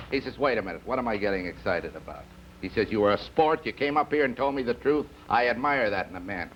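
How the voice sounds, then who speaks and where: A man's voice: lowish voice, brisk. A man telling a long joke at a comedy round table, acting out each man's lines in turn. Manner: relaxed storyteller, acts out both men in the joke. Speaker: comedian guest. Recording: dull old TV recording with faint hiss.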